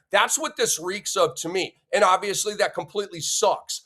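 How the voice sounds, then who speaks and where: A man's voice: high-pitched, normal speed, hardly any pauses, bright, forceful tone. A man hosting a sports podcast, giving an emphatic, opinionated rant and punctuating his points with a questioning "okay?". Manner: blunt and insulting toward critics.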